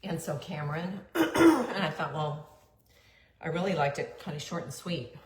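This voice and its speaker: A middle-aged woman telling her life story in a chatty monologue, with fillers, throat-clearing and quick asides. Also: low voice, big pitch swings. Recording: echoey room, faint background hum.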